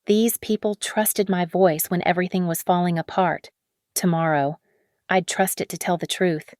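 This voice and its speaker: A woman narrating a first-person story in a steady, measured way. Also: on the low side, no echo, clean studio sound.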